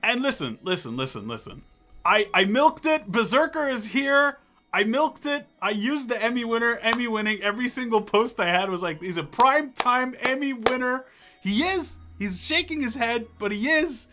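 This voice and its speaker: A man hosting a livestream talk show, excitable and animated, thanking chat viewers as he goes. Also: very high-pitched, moderate pace, soft background music. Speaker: host.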